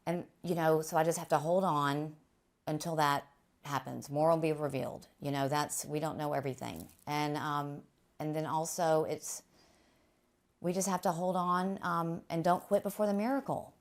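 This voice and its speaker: A woman guest speaking earnestly about her faith on a talk show, halting, with many restarts. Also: low voice, fairly even intonation. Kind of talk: faith testimony interview.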